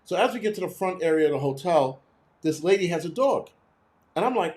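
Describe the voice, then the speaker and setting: Male host, profane and animated storyteller, voice pitched a bit high. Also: brisk. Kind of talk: casual storytelling monologue.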